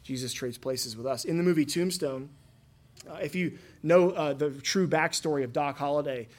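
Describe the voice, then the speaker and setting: A man in his thirties preaching a sermon, telling stories earnestly and asking his listeners rhetorical questions, shifting between loud and hushed. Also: a little high, normal speed. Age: 30s. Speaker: pastor.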